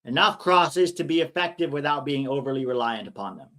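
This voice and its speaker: A man's voice: mid-range voice, animated, a little fast, a bit bright. A young man hosting a casual live watch-along stream, chatting and reading viewer comments aloud.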